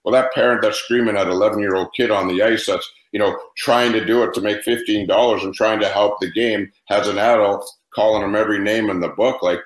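Passionate low-voiced man in an echoey room. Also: fairly even intonation, fairly quick, hardly any pauses. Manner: passionate, emphatic opinions. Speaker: hockey coach. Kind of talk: casual interview answers.

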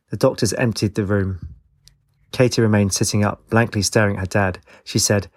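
A man reading a story aloud as narrator, in a measured, even delivery. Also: on the low side, dry recording, studio quality. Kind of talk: audiobook narration.

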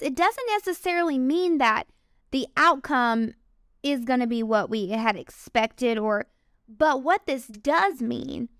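A young woman with a high voice tells a personal faith testimony. She talks earnestly and with feeling, speaking straight to her viewers. The sound is dry and close, with no room echo. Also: a bit bright. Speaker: faith vlogger.

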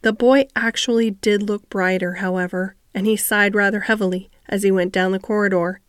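A woman's voice: mid-range voice, fairly even intonation, moderate pace, no echo. Woman reading a storybook, dry sound. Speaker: audiobook reader. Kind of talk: storybook narration.

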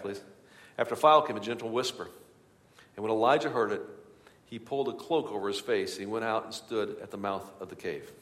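A man preaching a sermon in a church, swinging from hushed tones to loud, urgent passages. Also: medium pitch. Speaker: pastor. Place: church sanctuary. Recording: long hall reverb.

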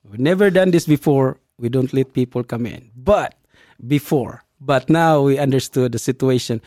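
A man telling a personal story in casual talk, halting and restarting often and speaking English as a non-native speaker. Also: no room sound, clean studio sound. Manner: halting, with many restarts and fillers; acts out quoted dialogue with lively jumps in pitch. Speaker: storyteller in a conversation.

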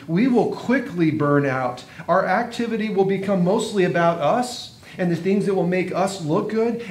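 A man preaching a sermon, earnest, with dramatic pauses and swelling emphasis. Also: a little mellow. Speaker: pastor. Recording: echoey room with faint noise and rumble.

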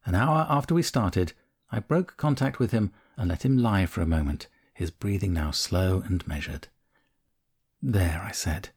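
A man narrating a first-person memoir audiobook in a calm, measured, candid way. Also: low-pitched, husky.

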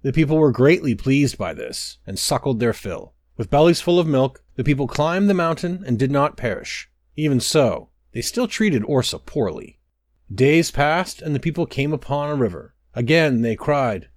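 A man giving a measured, expressive scripted storybook narration. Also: medium pitch, dry recording, studio quality.

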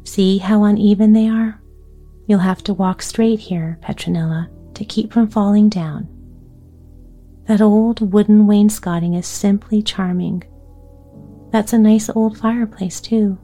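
A woman's voice: medium pitch, fairly even intonation, unhurried, dark tone, soft background music, close to an everyday voice. Woman reading as a cheery young man. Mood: cheerful. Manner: playful, cheery. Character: cheerful teasing young man, friend of a girl.

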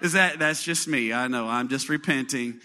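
A man preaching a sermon to a congregation, animated and playful, acting out little scenes and leading call-and-response. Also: mid-range voice, moderate pace. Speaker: pastor.

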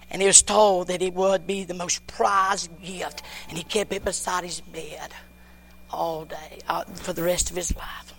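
High bright-voiced preacher. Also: male voice, creaky. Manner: swings from hushed to near-shouting, repeats words, folksy grammar. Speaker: pastor. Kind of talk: sermon storytelling.

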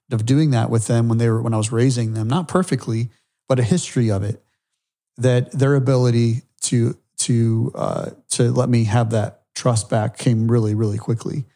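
Mellow-voiced man reflecting on parenting. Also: medium pitch. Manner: reflective, halting with frequent restarts. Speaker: podcast co-host. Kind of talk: conversational podcast talk.

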